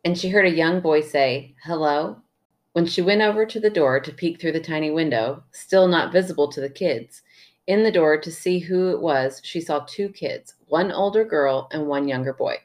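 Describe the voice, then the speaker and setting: A woman's voice: sits low, moderate pace, darkish tone. A young adult woman co-hosting a podcast, casually reading out a listener's story and teasing her co-host, laughing easily.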